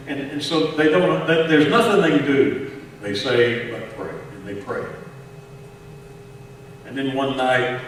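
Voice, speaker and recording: A man with a Texan accent preaching a sermon, telling a story with repeated words, dropping to a hush and then rising. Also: mid-range voice, a little hiss or hum. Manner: storytelling with frequent repeated words, swinging between hushed and raised. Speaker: pastor. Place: large church sanctuary. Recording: echoey church hall from far off.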